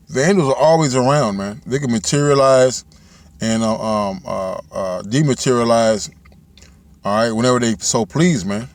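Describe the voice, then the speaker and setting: Give me a man teaching scripture in a loose, conversational way, reading verses slowly. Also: mid-range voice, dry recording. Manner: loose and conversational, ends phrases with "man" and "all right"; reads scripture aloud in slowed, measured cadence. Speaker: Bible teacher. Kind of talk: informal Bible teaching.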